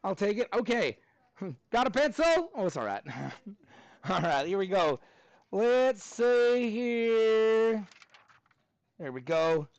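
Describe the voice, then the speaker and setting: Energetic man teaching math, cheerfully quizzing a class in a high, animated voice. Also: measured pace, gravelly, long pauses, no room sound, muffled recording. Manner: upbeat, prompting students for answers.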